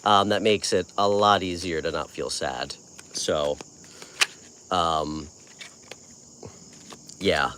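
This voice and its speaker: A man's voice: low voice, fairly even intonation, slow pace, pauses often, sharp tone, slight background noise. A man hosting a casual live tarot stream, talking in a friendly, chatty way as he answers viewers' comments. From New York. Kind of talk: casual livestream chat with viewers.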